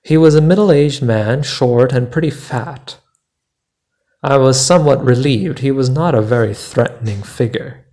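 Slow, deliberate male storyteller. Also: mid-range voice, darkish tone. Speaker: podcast host. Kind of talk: scripted travel story narration.

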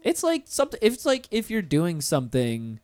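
A man's voice: high-pitched, wildly swooping pitch, a little fast, darkish tone, clear, resonant tone, no room sound. A man hosting a podcast in a studio, chatting casually, teasing and swearing freely. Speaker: podcast host. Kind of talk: casual chat. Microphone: studio microphone.

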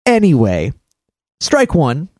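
A man co-hosting a podcast, talking in a rambling, animated way with many restarts. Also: fairly high pitch, slow pace, no echo. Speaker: podcast co-host. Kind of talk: casual chat.

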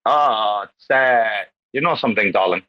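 A man's voice: fairly low pitch, measured pace, lo-fi sound. Rambling man hosting a group call. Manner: rambling, repeats himself, excitable, calls people darling. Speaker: host of a community call. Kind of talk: casual online group chat.

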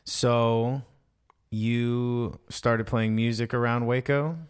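A man's voice: medium pitch, little pitch movement, drawn-out words, clean tone. A man hosting a casual podcast from his home studio, talking with enthusiasm and heaping praise on his guest. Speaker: podcast host.

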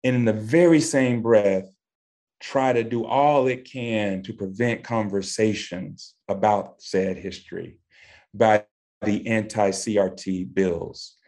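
A man's voice: slow, a little mellow. A man, answering interview questions with passion and emphasis. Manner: passionate, emphatic, voice rising high when stressing points. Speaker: guest. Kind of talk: impassioned interview talk.

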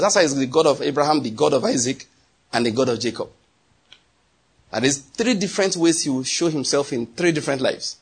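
A man's voice: fairly high pitch, lively intonation, brisk, breathy edge. A man preaching a sermon, telling stories, asking the audience questions and laughing often. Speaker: pastor.

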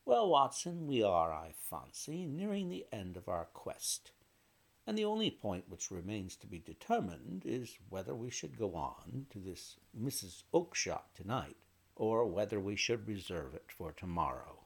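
A shrewd Victorian detective who speaks blandly and with quiet confidence, as a man reads him in an audiobook. His voice sits low and moves slowly, with a lively rise and fall. The sound is dry and close. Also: vocal fry, no room sound, exaggerated voice. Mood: musing.

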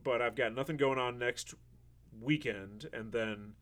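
A man's voice: mid-range voice, unhurried. Chatty man hosting a podcast. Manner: relaxed, rambling, chatty. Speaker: podcast host. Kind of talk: casual chat.

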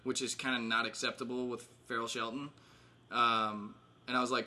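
Guy in his 30s, chatty catch-up with buddies, laughs a lot, bright voice. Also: medium pitch, flat delivery, normal speed. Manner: laughs often, rambling with fillers. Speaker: host. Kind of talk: casual catch-up call with old friends.

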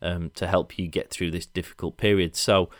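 A man with a Yorkshire accent hosts a relaxed business podcast in a low, deep voice. He talks in long, rambling runs and laughs easily. The sound is dry and close, with no room around it. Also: moderate pace, no room sound. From Leeds, England. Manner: chatty, rambling, laughs often. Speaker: podcast host. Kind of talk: casual podcast interview. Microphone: remote online call.

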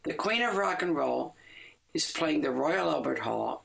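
An older woman, a rock musician, telling stories in a casual interview, animated and quick to laugh, acting out the lines she quotes. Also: low-pitched, creaky, a little hiss or hum, low-quality recording. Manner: animated, laughs often, acts out quoted dialogue.

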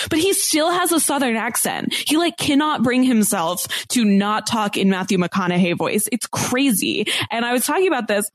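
Chatty, opinionated woman podcast co-host. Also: mid-range voice. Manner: chatty, opinionated, laughs often. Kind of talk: casual chat.

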